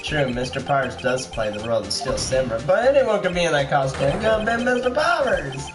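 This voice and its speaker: A man reading the lines of a cool, formal male prosecutor in a measured way, over game music. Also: fairly high pitch, sing-song.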